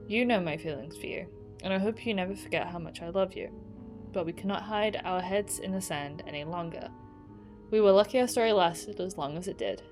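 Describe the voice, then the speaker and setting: Woman reading out a young 1940s woman's love letters, tender, mid pitch, plain reading. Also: a little mellow, lightly acted. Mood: resigned. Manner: reading aloud, tender then resigned. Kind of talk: reading game letters aloud.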